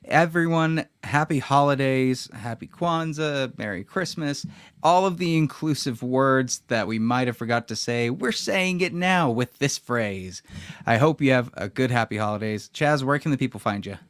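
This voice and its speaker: A man's voice: medium pitch, normal speed, a bit bright, clear, resonant tone, no room sound. A young man co-hosting a casual podcast, joking and swearing freely as he chats about movies. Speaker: co-host.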